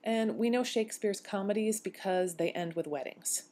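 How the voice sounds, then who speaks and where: Woman lecturing on grammar, measured. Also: medium pitch, dark tone. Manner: clear, measured explanation, slowing to read quotes. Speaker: university English lecturer.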